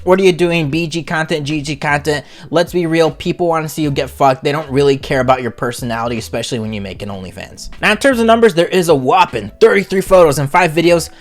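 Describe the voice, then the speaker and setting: A man's voice: on the high side, quick pace, few pauses. A man hosting a comedic review vlog, talking in a crude, profane, rambling rant. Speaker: channel host, reviewer.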